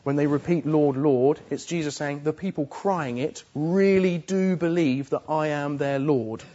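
A man's voice: a little high, a little mellow, husky, muffled recording. A man preaching a sermon earnestly, pressing his points home with emphatic repetition. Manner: earnest, emphatic, repeats phrases for stress.

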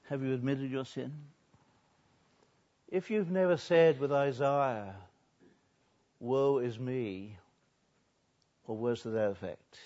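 An older man, a pastor, preaching a sermon, swinging between soft and loud and drawing out words for emphasis. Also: mid-range voice, measured pace. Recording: dull lo-fi recording.

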